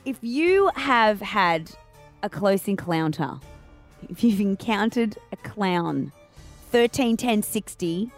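A woman's voice: medium pitch, animated, slow. A woman with an Australian accent co-hosting a radio show, chatting animatedly and laughing easily, with faint music behind. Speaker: radio co-host. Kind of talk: casual radio banter.

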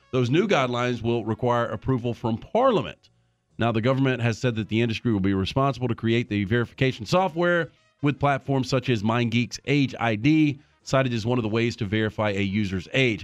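A man's voice: medium pitch, no echo. A man hosting a radio show, reading odd news stories and then joking about them with his co-hosts. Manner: reads stories briskly, then jokes around.

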